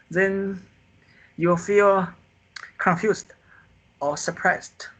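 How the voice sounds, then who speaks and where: A man teaches a beginner Mandarin class live over a video call, speaking slowly in simple non-native English. His voice is bright and a little husky, and he acts out the tones with long, animated sighs. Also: on the high side. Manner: animated, drawn-out sighs acting out the four tones. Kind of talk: live online group lesson. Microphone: computer mic on a video call.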